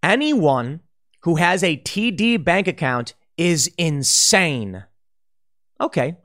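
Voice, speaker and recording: A man's voice: on the high side, sing-song, slow, fairly bright tone. A man giving an emphatic opinion commentary, warning listeners and sketching scenarios. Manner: emphatic, warning, speculative, with restarts. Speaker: political commentator.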